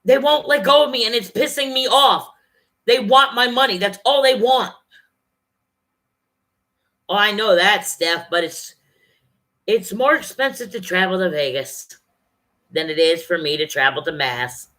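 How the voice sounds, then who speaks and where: A woman's voice: medium pitch, fairly bright tone. A woman venting angrily and profanely on her vlog, talking straight to her viewers. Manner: angry, profane, fast-shifting rant. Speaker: vlogger.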